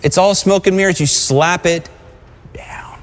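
A male preacher delivers an exhorting sermon in a slightly higher register than most men. He keeps prompting the congregation to respond. His voice rings with a long reverb tail, as if he is in a large hall. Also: a little slow, slight background noise.

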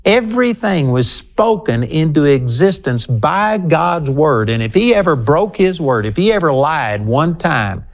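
A man's voice: on the high side, very animated, unhurried, few pauses. A man teaching the Bible on his broadcast program. He talks straight to his listeners, and his voice leaps up on key points. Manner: emphatic, talking straight to listeners.

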